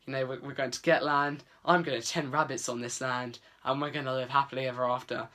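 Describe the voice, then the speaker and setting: A man's voice: medium pitch, fairly even intonation, fairly quick, bright, forceful tone, lightly acted. Guy doing a scottish farmhand voice, simple and hopeful, kinda rambling. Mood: dreamy. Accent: Scottish (put on). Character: simple-minded hopeful young farmhand, man.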